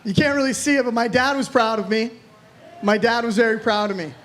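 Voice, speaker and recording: A man's voice: very high voice, fairly even intonation, fairly quick, a bit bright. A man in his thirties from Florida doing a rambling, self-deprecating stand-up set, swearing freely. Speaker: stand-up comedian.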